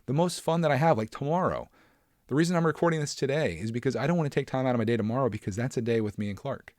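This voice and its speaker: A man's voice: mid-range voice, expressive, racing, a little mellow, no room sound, clean studio sound. A man hosting his own podcast alone, talking casually in a rambling way with lots of fillers and self-deprecating asides. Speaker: podcast host. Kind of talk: casual solo podcast chat.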